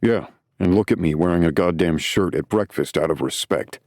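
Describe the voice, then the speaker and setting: A man's voice: sits low, moderate pace, darkish tone, dry recording, clean studio sound. A man voicing a grumpy, resentful young hockey player who grumbles bitterly. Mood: grumbling.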